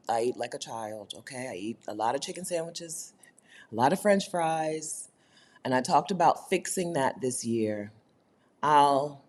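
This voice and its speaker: A woman hosting a casual livestream, reading viewer comments aloud, emphatic and animated, laughing often and swinging between loud high bursts and low murmurs. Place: indoors, home setting while living abroad.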